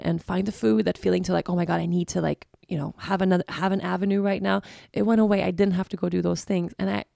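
A woman hosts her podcast, thinking aloud in a candid, searching way and often circling back to restart a thought. Her voice sits low and is thick with gravelly fry. The sound is dry and close, with no room around it. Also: dark tone, dry recording. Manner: candid, searching, many restarts and "you know". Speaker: podcast host. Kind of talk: reflective personal monologue.

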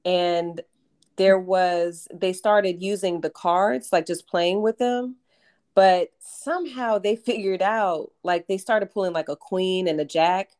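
Low-voiced rambling woman tarot reader. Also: slow. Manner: relaxed, rambling, many fillers and restarts. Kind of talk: casual podcast chat.

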